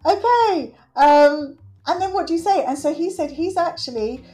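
In a conversational interview with soft music in the background, a middle-aged guest who works with children speaks at a normal speed in a high-sitting voice. She is earnest and animated and acts out quotes.

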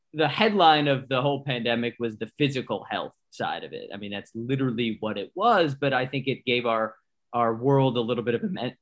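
A man's voice: medium pitch, a bit bright. Guy broadcaster hosting, keen and rambly, asks long questions. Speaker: podcast host and broadcaster. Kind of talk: casual interview chat.

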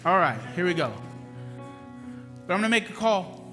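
Guy pastor preaching hard, kinda high voice, big churchy echo, music under him. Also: sing-song, moderate pace. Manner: impassioned preaching, swinging between loud emphasis and quiet asides. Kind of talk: sermon. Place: church sanctuary. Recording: long hall reverb with music underneath. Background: music playing under the preaching.

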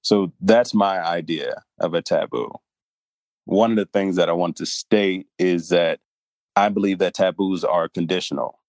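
A man's voice: low-pitched, a little slow, darkish tone, dry recording. A man co-hosting a podcast in casual chat, easygoing, thinking aloud and laughing often. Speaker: podcast co-host.

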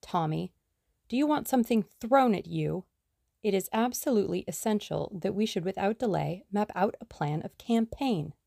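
A woman reading the lines of a brisk, bossy young woman sleuth in an audiobook, speaking emphatically and decisively. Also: medium pitch, lively intonation, gravelly, dark tone, dry recording, studio quality, voice pushed up.

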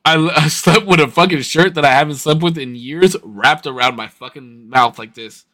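A man co-hosting a podcast, telling a story in a loose, profane, animated way. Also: on the high side, moderate pace, no echo. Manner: profane, animated, swears constantly. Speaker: podcast co-host. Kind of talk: casual storytelling.

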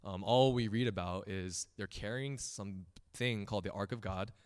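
A man's voice: on the low side, normal speed, smooth. A young man giving a casual sermon as pastor, telling personal stories, often laughing and acting out the voices of others. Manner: animated, laughs often, acts out quoted voices. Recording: long hall reverb.

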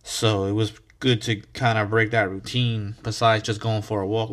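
Rambling, low-voiced man hosting a podcast. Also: level tone, moderate pace, few pauses. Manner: rambling, restarts words, says he is wired on coffee; laid-back, swears casually. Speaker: podcast host. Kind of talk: casual solo podcast monologue.

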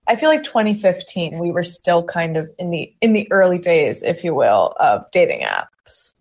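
A woman in casual podcast conversation, chiming in with quick agreement and thoughtful asides. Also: on the low side, sing-song, darkish tone, slightly rough. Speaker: podcast co-host or guest.

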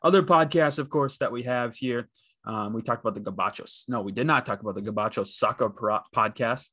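A man's voice: medium pitch, brisk, bright, forceful tone. Rambling man hosting a betting podcast. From Midwest, the Dakotas. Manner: rambling, loose, many fillers and restarts. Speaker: podcast host. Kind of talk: casual solo podcast.

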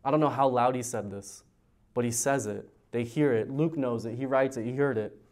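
A man's voice: medium pitch, moderate pace, a little mellow. Conversational male youth pastor teaching. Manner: conversational, asks the audience questions. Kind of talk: verse-by-verse teaching sermon.

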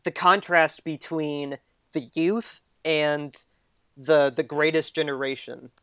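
Podcast co-host, male, chatty and giggly, smooth tone, slightly muffled dry recording. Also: on the high side, steady tone, slow pace, no room sound. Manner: chatty, laughs often, trails off and restarts. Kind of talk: casual film discussion.

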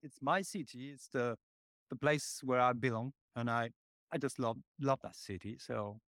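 A man in his forties with a French accent, a podcast guest who answers slowly and haltingly with many fillers. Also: medium pitch, fairly bright tone, no echo, studio quality. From France. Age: 40s. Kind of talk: podcast interview.

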